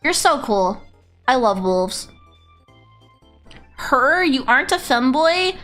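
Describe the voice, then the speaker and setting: A woman's voice: high voice, very animated, slow pace, fairly bright tone, faint music behind. A woman streaming live, chatting casually with her chat in a giggly, chaotic, self-mocking way. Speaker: VTuber streamer. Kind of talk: casual livestream chat reading chat messages.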